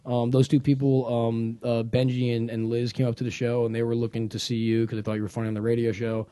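A man's voice: medium pitch, monotone, quick pace, dark tone, no room sound. A man co-hosting a casual comedy talk show, rambling and laughing often. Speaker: radio show co-host. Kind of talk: casual banter.

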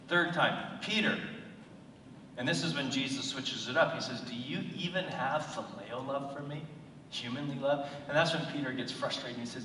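A man preaching a sermon as pastor, his bright, ringing voice swinging from loud declarations to hushed storytelling. He sounds distant from the mic, with the long echo of a large hall around him. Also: medium pitch, moderate pace, slight background noise.

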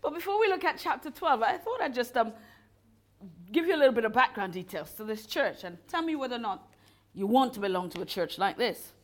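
A woman's voice: a little high, big pitch swings, fairly quick. Laughing woman preaching with self-mocking humour. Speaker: guest speaker. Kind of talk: sermon. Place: college hall with a live audience.

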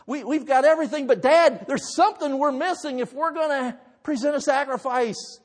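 A man's voice: very high-pitched, voice pushed up. A man doing an anxious young son. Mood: urgent. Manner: urgent, rapid pleading questions. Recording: reverberant church hall.

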